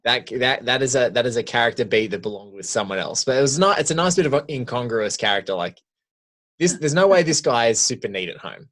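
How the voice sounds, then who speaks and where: A man from the Virgin Islands co-hosting a casual film podcast, playful and animated, dropping into quiet asides. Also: mid-range voice, fast talker. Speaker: podcast co-host.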